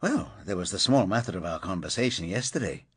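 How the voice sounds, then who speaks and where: A man's voice: sits low, lively intonation, brisk, slightly rough, no echo, studio quality, full character voice. A man voicing a blunt, foul-mouthed police sergeant. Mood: guarded. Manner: blunt, sweary, incredulous.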